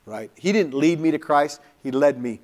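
A middle-aged man from California preaching in a church, telling a personal story in an emotional, confessional way, often dropping to a near-hush. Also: on the high side, normal speed. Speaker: pastor. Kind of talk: sermon storytelling.

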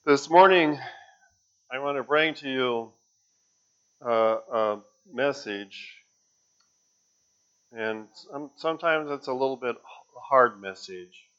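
Male preacher, unhurried and earnest, sermon delivery; lo-fi church recording. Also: mid-range voice, a bit bright. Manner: earnest, halting with fillers.

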